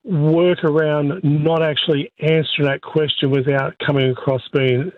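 A man's voice: fairly high pitch, little pitch movement, moderate pace. A man calling in to a radio show, talking with hesitation and many ums. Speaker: radio caller. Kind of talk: phone-in chat. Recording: tinny phone line.

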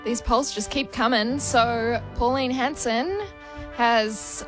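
A woman's voice: on the high side, fairly even intonation, takes it slowly, over music, poor audio. A woman giving a news update on breakfast radio. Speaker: radio newsreader.

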